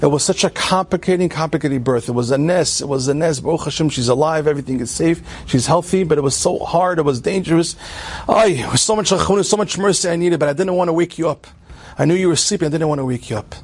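A man's voice: fairly high pitch, fast talker, breathy edge. A man playing an anxious young father, talking with urgent emotion. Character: anxious young father after a hard birth.

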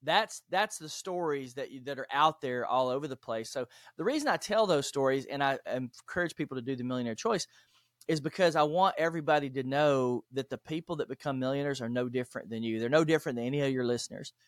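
A man's voice: mid-range voice, fast talker, dry recording, clean studio sound. A man, a podcast guest and author, telling stories in an interview and acting out the dialogue. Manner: animated, acts out dialogue in stories. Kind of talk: interview storytelling.

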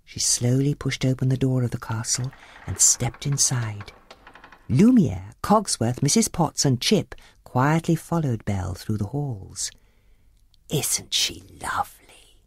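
Animated low-voiced woman reading a storybook. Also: a little slow, slightly rough. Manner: expressive, animated. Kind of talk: storybook read-aloud. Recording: faint background music.

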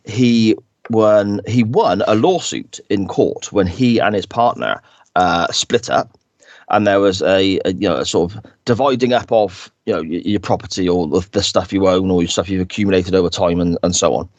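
A man co-hosting a podcast, chatting casually and acting out quotes in exaggerated high voices. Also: moderate pace, a little mellow, dry recording, dull audio. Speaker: podcast co-host. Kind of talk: casual chat.

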